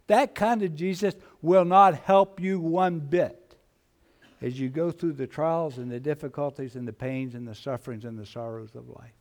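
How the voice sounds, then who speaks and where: A man preaching a sermon in church, slow and emphatic, repeating his phrases for weight. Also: a little high, a little mellow. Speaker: pastor.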